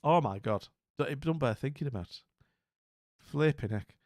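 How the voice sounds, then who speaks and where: A man's voice: mid-range voice, animated, normal speed, darkish tone, no echo, studio quality. A man streaming casually, rambling and bemused as he talks to viewers, with many restarts and asides. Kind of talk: casual live-stream commentary.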